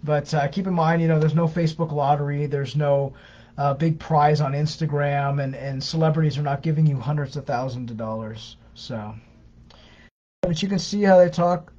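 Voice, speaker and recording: A man talks through a casual live question-and-answer session in a fairly high voice, earnest and explanatory, often doubling back on his words. The sound is dull and lo-fi, like a muffled stream. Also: fairly even intonation, moderate pace, mellow. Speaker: co-host of a scam-awareness page.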